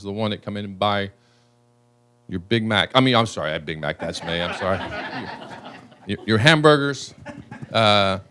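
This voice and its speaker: A man's voice: medium pitch, fairly bright tone. A man speaks earnestly at a panel discussion, with a mid-range voice. He stops and restarts his sentences often, sounding moved. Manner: earnest, halting with many restarts. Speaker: congressman at a panel. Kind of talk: emotional unscripted remarks.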